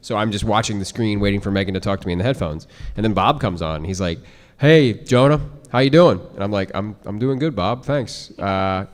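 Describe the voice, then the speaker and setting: A young adult man on a convention panel, telling an animated story about a voice acting job. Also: fairly low pitch, fairly quick, hardly any pauses. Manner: animated anecdote telling with impressions. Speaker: voice actor panelist. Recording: long hall reverb.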